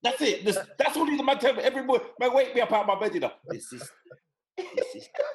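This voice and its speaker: A man co-hosting a casual chat, telling animated, laughing stories. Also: very high voice, rapid-fire. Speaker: co-host.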